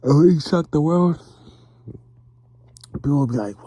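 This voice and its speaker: Sleepy man with a very dark voice. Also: a little high, animated, measured pace, no room sound. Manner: rambling and drowsy, drifting into near-whispers. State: sleepy, yawning. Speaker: vlogger. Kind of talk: casual late-night monologue. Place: bedroom, lying in bed.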